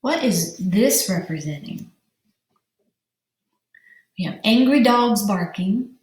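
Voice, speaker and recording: Woman teacher, slow careful delivery, drawn-out syllables, roomy echo. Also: medium pitch, animated, a little mellow. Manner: slow, drawn-out syllables, spelling letters aloud. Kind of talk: vocabulary lesson for young children.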